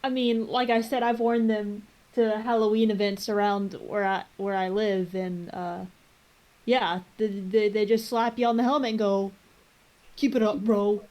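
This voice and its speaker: A woman with a nasal voice in a casual chat, an animated storyteller who says bro and dude a lot. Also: mid-range voice, normal speed, rough recording.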